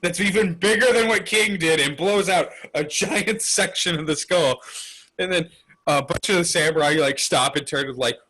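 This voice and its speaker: A man co-hosting a podcast, excitedly recapping a comic chapter in casual chat and laughing often. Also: a little high, moderate pace, breathy edge, rough recording. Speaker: podcast co-host.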